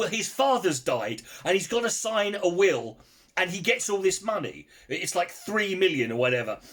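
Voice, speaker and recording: A man with a very high voice, ranting to camera about a film he disliked. His pitch jumps all over the place as he mocks and swears, and he keeps stumbling and restarting mid-sentence in his exasperation. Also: a bit bright. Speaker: film reviewer. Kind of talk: casual rant to camera.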